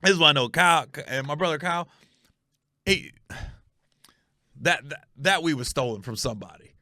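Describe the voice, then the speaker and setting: Middle-aged guy from ohio hosting a podcast, telling a story, voice bouncing all over, kinda high for a man. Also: normal speed, no echo, studio quality. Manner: animated, acts out quotes, laughs at own story. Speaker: comedian and podcast host. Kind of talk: casual storytelling.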